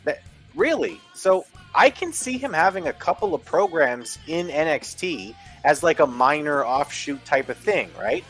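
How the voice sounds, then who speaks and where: A man's voice: on the high side, big pitch swings, a little slow, a bit bright, faint music behind. A man from Philadelphia with a Philadelphia accent, co-hosting a casual wrestling chat and giving strong opinions in long, rambling takes full of "like" and "you know". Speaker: co-host.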